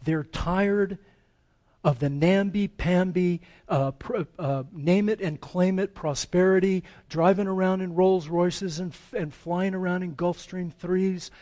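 High-voiced American man preaching. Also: fairly even intonation. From United States. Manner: dramatic, acts out quoted voices, swings between loud pleading and hushed slow reading. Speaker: pastor. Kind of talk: sermon. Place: church sanctuary.

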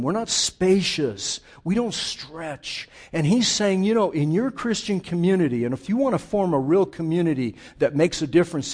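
A male pastor preaching a sermon, telling humorous family stories with lively, dramatic delivery. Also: on the high side. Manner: animated, humorous storytelling, dramatic slowdowns.

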